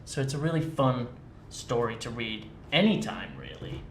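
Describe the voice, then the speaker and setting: A man's voice: medium pitch, moderate pace, slight background noise. A man from England with an English accent, chatting casually and explaining. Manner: relaxed, explaining. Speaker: actor. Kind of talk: live stream chat. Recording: echoey room.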